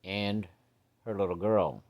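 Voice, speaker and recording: A man doing a calm placating mother. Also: deep voice, slow.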